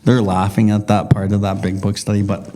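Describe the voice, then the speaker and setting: A man's voice: fairly low pitch, flat delivery, brisk, mellow. Casual, swearing man. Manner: swears freely, rambling storytelling. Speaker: podcast co-host. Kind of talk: casual recovery group discussion.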